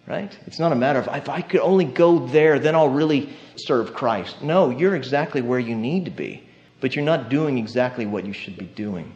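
Male preacher, casual storytelling sermon, mid-pitched voice, dull lo-fi sound. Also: animated, fairly quick, a little mellow. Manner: conversational, storytelling with tag questions. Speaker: pastor. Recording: muffled lo-fi sermon recording.

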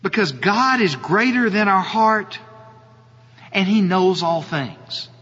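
A male pastor preaching a sermon, slow and earnest, often asking his listeners rhetorical questions. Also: sits high, animated, sharp tone, breathy edge. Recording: dull audio with long hall reverb.

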